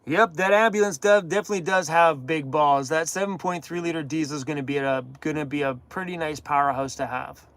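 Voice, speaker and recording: A man hosting a live-stream Q&A from inside his camper van, jokey and animated, laughing at his own jokes. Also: on the high side, a little fast, hardly any pauses, dry recording. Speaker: van-life channel host.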